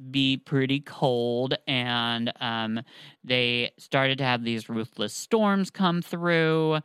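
A man retells a tale in a loose, rambling chat, full of fillers, and reads passages aloud. His voice is smooth and clear. The recording is dry and close. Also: medium pitch, bright, forceful tone, no echo, rough recording. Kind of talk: casual storytelling chat.

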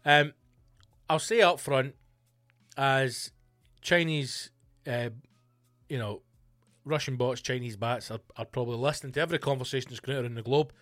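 A man hosting his own podcast, ranting in a profane, animated, mocking way and reading out news with sarcastic asides. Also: medium pitch, moderate pace, pauses often, no room sound, studio quality, soft background music. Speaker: podcast host. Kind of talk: solo comedic rant. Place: home studio bunker.

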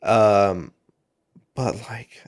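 A man's voice: on the low side, extremely slow, darkish tone. A man co-hosting a casual book podcast, laid-back, with dry reactions and many short agreements. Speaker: podcast co-host.

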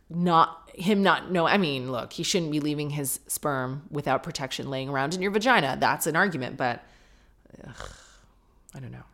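A woman hosts a podcast in a casual, frank way, chatting freely and laughing easily. Her voice sits on the low side for a woman. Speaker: podcast host. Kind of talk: casual chat.

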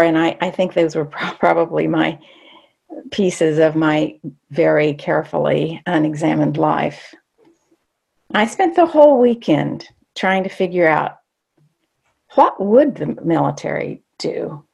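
A woman's voice: fairly low pitch, gravelly, a little mellow. An older woman telling a personal story from her past in a reflective, candid way, with hesitations.

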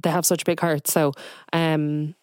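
A woman's voice: sits low, flat delivery, measured pace, a little mellow, smooth, no room sound, clean studio sound. A woman, a guest chatting casually on a podcast and rambling with lots of fillers. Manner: rambling, heavy on "like" and "um".

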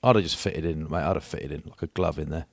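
A man's voice: a bass voice, fast, slightly rough, no echo, clean studio sound. A man co-hosting a podcast, chatting in jokey, boastful banter with a mate. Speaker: podcast co-host. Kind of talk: casual banter.

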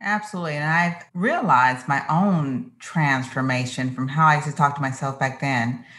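A woman's voice: low-pitched, normal speed, fairly bright tone. A woman hosting a podcast interview, enthusiastic and affirming in casual chat. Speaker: podcast host.

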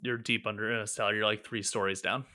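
A man running a tabletop game as game master. His voice is bright and his delivery casual, with lots of fillers and hesitation. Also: on the low side, little pitch movement, fast talker.

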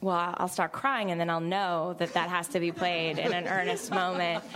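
A woman's voice: fairly low pitch, level tone, normal speed, a crowd in the background. Chatty woman, emotional panel guest. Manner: chatty and emotional, many restarts and fillers. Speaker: panel guest, TV show creator. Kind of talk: panel discussion.

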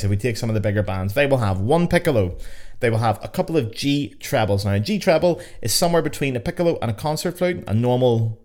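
The voice is a man's, mid-range with a darkish tone. He's a young podcast host from Northern Ireland whose Belfast accent carries a casual educational show full of chat, jokes and free swearing, captured on a podcast mic.

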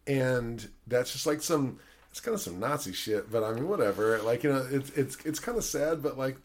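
A man's voice: mid-range voice, animated, moderate pace, slight background noise. Male podcast host, loose rambling delivery, heavy fillers, casual profanity. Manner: rambling, swears a lot, many fillers. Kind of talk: casual chat.

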